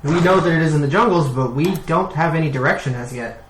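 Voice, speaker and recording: A man's voice: fairly high pitch, quick pace, slight background noise. A man playing a tabletop game, talking hesitantly with many fillers, recorded in a roomy space. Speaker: player.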